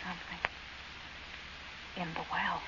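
A frightened young woman huddles by a dark well, speaking in a hushed, uneasy voice. It is a 1940s radio play heard through a hissy old recording, with her voice set a little back from the mic. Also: lowish voice, level tone, slow pace, lo-fi sound. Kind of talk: 1940s radio drama acting.

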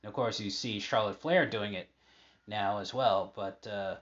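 A man's voice: lowish voice, moderate pace, a bit bright, muffled recording. A man casually chatting over old match footage, rambling with many fillers and asides. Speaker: fan commentating on old matches.

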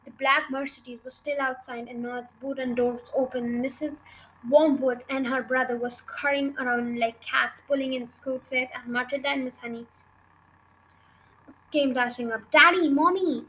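Woman narrator, high voice, lively expressive read-aloud, faint ambience. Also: moderate pace, slight background noise, poor audio. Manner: expressive, lively reading with small slips. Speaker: audiobook reader. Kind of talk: children's book read-aloud.

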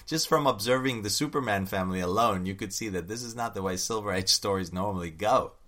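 A man co-hosting a casual comics chat, animated and laughing often, turning to his co-host with questions. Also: fairly low pitch, fast. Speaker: podcast co-host discussing comics.

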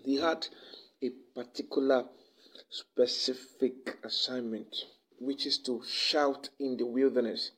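A man's voice: medium pitch, steady tone, slow pace, a bit bright, slightly rough, rough recording. A man giving a devotional sermon and closing prayer, preaching fervently and often repeating words as he builds a point.

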